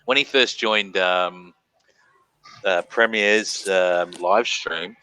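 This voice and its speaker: A man's voice: low-pitched, slow, sharp tone, clear, resonant tone, low-quality recording. An Australian man hosting a live stream, chatting casually, reading out viewer names and swearing freely. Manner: rambling, reads chat names aloud, swears freely.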